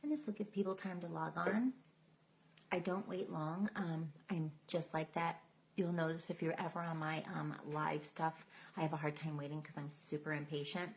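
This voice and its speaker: A woman's voice: low voice, fairly even intonation, normal speed. A woman hosting a casual live chat, greeting viewers by name and laughing at herself. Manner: self-deprecating, laughs often. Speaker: live stream host.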